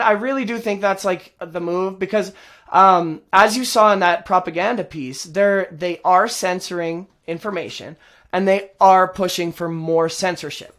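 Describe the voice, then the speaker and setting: A man's voice: high voice, fairly bright tone. A man hosting his own vlog, talking casually and rambling, repeating himself and laughing often. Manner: rambling, repetitive, frequent laughs. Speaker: host.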